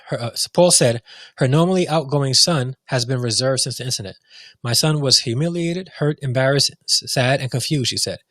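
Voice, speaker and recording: A man's voice: mid-range voice, fairly bright tone, dry recording, studio quality. A man hosting a talk show, speaking with heated, repetitive emotion and many restarts. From United States. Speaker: show host. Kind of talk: impassioned commentary.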